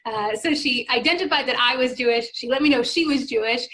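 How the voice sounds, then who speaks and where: A woman's voice: fairly high pitch, fairly quick, hardly any pauses, a bit bright, a little hiss or hum. A woman in her thirties telling her own story in an earnest, emotional way, acting out the voices of the people she quotes. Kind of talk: personal storytelling.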